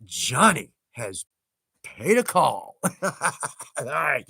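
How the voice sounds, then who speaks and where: A man hosts a leathercraft livestream in casual chat, rambling, restarting his sentences and laughing at himself. His mid-range voice is sing-song with a sharp tone, slow and full of long pauses, on a dry recording.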